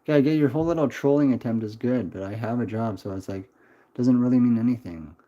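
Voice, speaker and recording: A man's voice: medium pitch, fast talker, warm tone. Rambling, profane young man livestreaming. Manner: rambling and profane, answering chat. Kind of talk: casual livestream chat. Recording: dull lo-fi stream audio.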